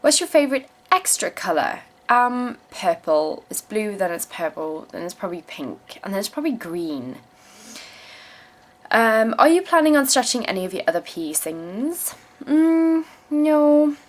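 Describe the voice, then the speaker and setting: A woman's voice: fairly high pitch, sing-song, unhurried. A young woman grew up in South Africa and speaks with a South African accent that has picked up English tones. She reads out viewer questions and answers them in a casual vlog. Her delivery is frank and unfiltered, with swearing and emphatic repeated phrases. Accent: South African mixed with English. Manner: emphatic repeated phrases when giving advice.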